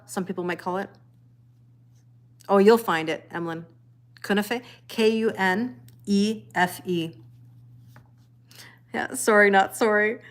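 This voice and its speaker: A woman's voice: mid-range voice, fairly bright tone. Middle-aged woman, tarot live-stream host, casual chat with viewers, laughs often. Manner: chatty, greets viewers by name, laughs often. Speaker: tarot reader livestream host.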